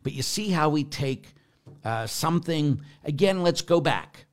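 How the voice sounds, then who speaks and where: A middle-aged Catholic priest teaches about faith in a loose, conversational style, and his voice is a little high, animated, and a little slow. He rambles, drifts off on tangents, and throws rhetorical questions at his listeners.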